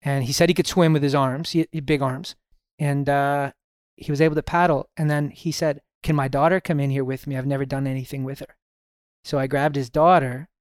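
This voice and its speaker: A middle-aged man, a podcast guest, telling stories in a relaxed way and often saying "you know". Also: mid-range voice, brisk, no room sound, clean studio sound. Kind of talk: casual storytelling conversation.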